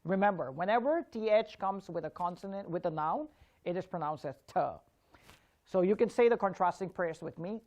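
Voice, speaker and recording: A woman's voice: fairly low pitch, normal speed, mellow. A woman teaching an online English pronunciation lesson, carefully demonstrating sounds in contrasting word pairs.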